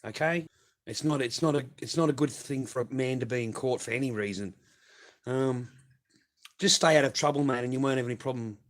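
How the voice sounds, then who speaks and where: A man's voice: mid-range voice, a little fast. A middle-aged man with an Australian accent, hosting a casual livestream and answering viewers in a blunt, profane, rambling way. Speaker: livestream host reading viewer messages.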